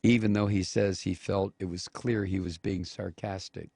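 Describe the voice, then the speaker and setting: A man's voice: deep voice, steady tone, moderate pace, creaky, a little mellow, husky, no echo. A male radio talk show host giving angry political commentary, scornful and name-calling, mocking quotes in a raised voice.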